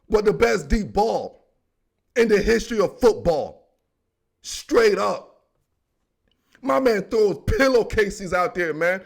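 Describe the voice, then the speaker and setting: A young man giving a solo football recap, talking in excitable, joking slang. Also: very high voice, gravelly. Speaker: sports commentator.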